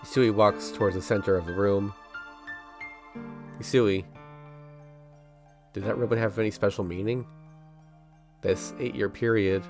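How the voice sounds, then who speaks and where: A man streaming, reading a visual novel aloud in steady first-person narration and breaking off now and then with chuckling asides. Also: on the low side.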